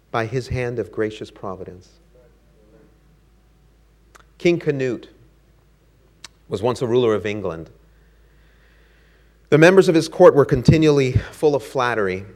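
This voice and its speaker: A man's voice: medium pitch, a little mellow. A male preacher delivering a sermon, earnest, building rhythmic lists and exhortations.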